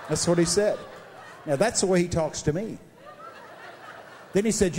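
A man delivers a joking, animated sermon, his fairly high voice leaping from shouts to low asides. Long reverb from a big hall hangs behind every phrase. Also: normal speed, long pauses, slight background noise. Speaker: preacher. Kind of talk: humorous sermon.

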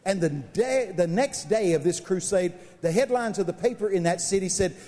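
A man delivers a joking, animated sermon, his fairly high voice leaping from shouts to low asides. Long reverb from a big hall hangs behind every phrase. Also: normal speed. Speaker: preacher. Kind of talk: humorous sermon.

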